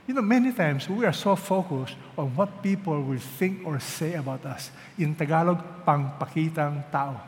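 Fervent preacher in a hall. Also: male voice, on the high side, moderate pace, few pauses. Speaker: pastor. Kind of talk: sermon. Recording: reverberant hall with faint background noise.

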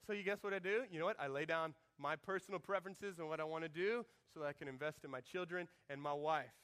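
A man in his thirties preaching a sermon as pastor, animated and joking, acting out quoted lines in shifting voices. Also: on the high side, fast talker, hardly any pauses.

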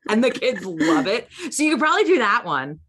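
Lively, bright-voiced woman co-host. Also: a little high, fairly quick. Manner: animated, laughs often. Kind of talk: casual chat.

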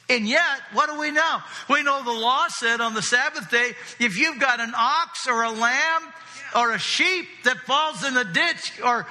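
A man preaching a sermon in a lively, conversational way, often checking in with his listeners. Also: extremely high pitch. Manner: animated, conversational, often asks the audience "right?". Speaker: pastor. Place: church hall with a congregation. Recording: long reverb of a large hall.

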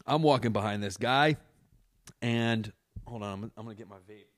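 A young adult man hosting a casual solo podcast, telling an animated, exaggerated story and swearing constantly while sitting on a couch indoors. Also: on the low side, moderate pace. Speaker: podcast host.

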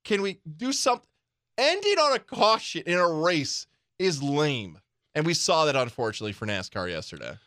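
A man co-hosting radio sports talk at a studio mic, with wry, quick banter. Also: a little high, very animated, bright, forceful tone, no echo.

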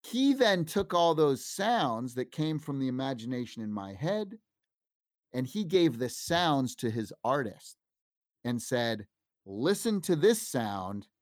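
A man in his fifties, a sound designer being interviewed, telling animated stories and acting out what others said. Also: medium pitch, unhurried, no echo, clean studio sound. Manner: animated anecdotes, acts out quoted dialogue. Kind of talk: casual interview storytelling.

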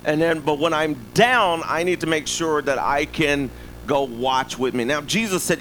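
Male pastor, slightly higher voice, easygoing sermon delivery, faint ambience behind. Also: animated, moderate pace, fairly bright tone, a little hiss or hum, poor audio. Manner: conversational preaching with frequent "right?" asides.

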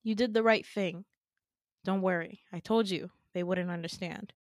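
A woman's voice: medium pitch, steady tone, normal speed, no room sound, natural voice. A smug male villain scientist soothes in a patronizing murmur, voiced by a woman retelling a dream. The sound is dry and close. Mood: falsely soothing.

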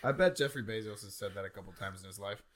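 A man's voice: on the low side, fast, background noise. A young man hosting a podcast in casual chat, teasing his co-host, swearing and laughing often.

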